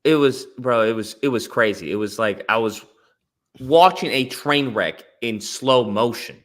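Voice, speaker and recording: A man's voice: mid-range voice, measured pace. A man in casual podcast chat, telling stories animatedly and acting out what others said. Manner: animated storytelling, acts out quoted voices. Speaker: guest.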